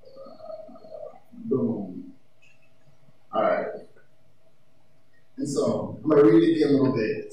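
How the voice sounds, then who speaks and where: A young college-age man preaches to a youth group in a relaxed, talkative way, mixing scripture reading with personal stories and easy laughs. His voice sits at an average pitch and is picked up from a distance. The room is very echoey, with a faint hiss behind him. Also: takes it slowly, pauses often. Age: young adult. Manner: chatty, laughing, personal storytelling. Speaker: youth speaker. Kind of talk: casual youth sermon.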